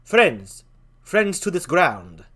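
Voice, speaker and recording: A man voicing a doubting male scholar on guard, in a chosen lower voice. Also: big pitch swings, fairly bright tone, slightly rough, exaggerated voice. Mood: doubtful. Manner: measured, lower put-on voice. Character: skeptical male scholar soldier.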